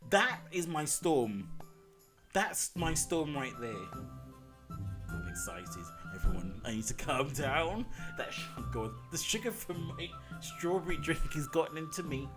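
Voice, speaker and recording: Excitable, rambling game streamer. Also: medium pitch, measured pace, over music. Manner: excitable, rambling, laughs often. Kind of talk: casual live-stream chat.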